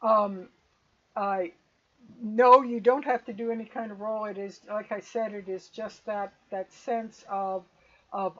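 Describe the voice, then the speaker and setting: A woman narrating a tabletop game as game master, describing scenes in detail and pausing to check the rules. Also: mid-range voice, steady tone, lo-fi sound.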